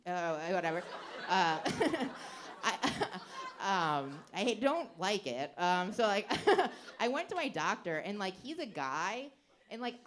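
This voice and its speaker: A young woman performs a stand-up set into a handheld mic on a club stage. She rambles and giggles through her bits, padding them with filler words. Her pitch swings widely, rising and dropping all the time. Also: very animated, unhurried, a little hiss or hum. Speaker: stand-up comedian.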